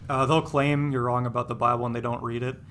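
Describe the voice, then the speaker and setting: A male streamer talks casually over his gameplay with a bright, sharp-edged voice. He rambles, trips over repeated words, and sounds exasperated and dismissive. A faint hiss of noise sits under the voice. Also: medium pitch, little pitch movement, quick pace. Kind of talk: casual chat while live-streaming a game.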